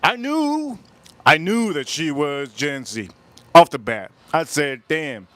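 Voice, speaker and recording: A man hosting a livestream, telling a story in an animated, emphatic way and repeating phrases for effect. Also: fairly high pitch, unhurried, dry recording. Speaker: livestream host. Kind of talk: live-stream storytelling chat.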